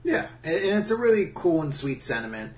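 A man in relaxed, joking casual chat, talking through a story with a co-host. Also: on the high side, fairly quick, slight background noise.

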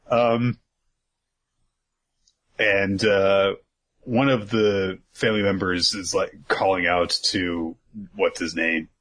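Man, low voice, husky, rambling casual recap, fillers and swearing. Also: slow pace, fairly bright tone, low-quality recording. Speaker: podcast co-host. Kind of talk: casual episode recap chat.

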